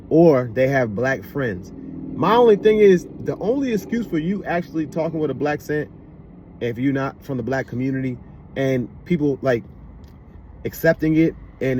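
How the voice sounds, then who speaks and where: A man's voice: medium pitch, slight background noise. A man with a DC-area accent giving rambling, casual commentary, often asking if you know what he means. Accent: Washington DC area. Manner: rambling, with repeated fillers. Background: loud car passing outside.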